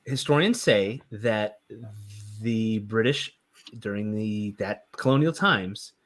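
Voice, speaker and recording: A man talking casually on a panel as a comics writer, rambling and halting with frequent restarts and fillers. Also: fairly low pitch, expressive, a bit bright. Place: online panel session.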